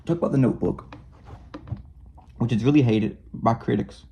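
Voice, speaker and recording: Gravelly and dark, this man's mid-range voice moves at a moderate pace, with a little hiss or hum in the audio. He rambles enthusiastically through a casual film review, often breaking off to restart or fix what he's saying.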